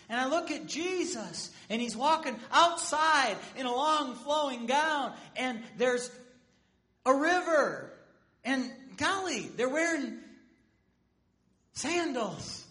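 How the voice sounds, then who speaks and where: A man preaching a sermon as a pastor, telling stories with lively humor. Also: very high-pitched. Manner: animated storytelling with humor.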